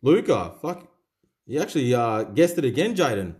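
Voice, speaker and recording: A young Australian man opens card packs and calls out each name in an offhand, sweary patter. His voice sits at an ordinary middle pitch. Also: sing-song, normal speed, darkish tone. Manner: swears constantly, rattles off names. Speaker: card-opening channel host. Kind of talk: casual pack-opening commentary.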